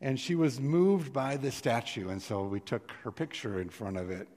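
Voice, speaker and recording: A man's voice: medium pitch, normal speed, a little mellow. A middle-aged man, a pastor, reading scripture and preaching a sermon in an earnest way, swelling with emphasis on key words. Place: church sanctuary. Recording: long reverb of a church sanctuary.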